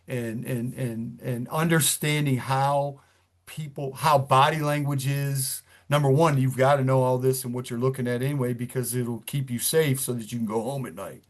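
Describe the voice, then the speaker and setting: A man's voice: medium pitch, moderate pace. A middle-aged police chief from New York, talking earnestly in an interview and often repeating words as he gathers his thoughts. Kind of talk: interview conversation.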